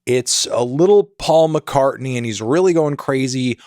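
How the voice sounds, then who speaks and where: A man hosting a casual music review, talking in an animated, joking way with sudden jumps in pitch. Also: measured pace, dry recording, studio quality. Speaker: music critic host.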